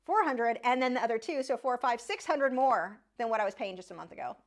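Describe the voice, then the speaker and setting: A woman in her thirties hosting an art livestream, talking loosely and off the cuff. Her voice sits a little high, and she rambles, trails off and restarts, sounding exasperated. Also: expressive, brisk. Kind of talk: casual livestream chat.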